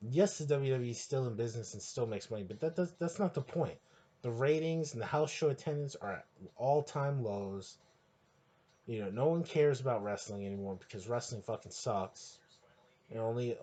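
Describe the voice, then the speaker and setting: A man hosting a podcast, ranting crudely and heatedly, rambling with restarts and sudden bursts of near-shouting. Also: medium pitch. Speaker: podcast host. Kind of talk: profane solo rant.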